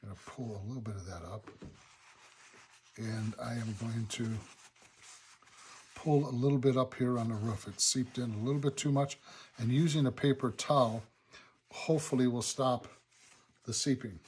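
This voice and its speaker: A man teaching watercolor, talking calmly through each brushstroke of a painting demonstration and thinking aloud as he works. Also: mid-range voice, normal speed, long pauses, slight background noise. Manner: relaxed, thinking aloud step by step. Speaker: watercolor instructor. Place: painting studio.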